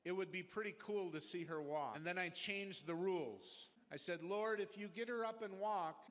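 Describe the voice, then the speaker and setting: A man in his forties with a notably high voice, telling his story plainly and deliberately. His voice trails off into a long hall reverb. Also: a bit bright. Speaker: witness giving testimony. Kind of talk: personal testimony.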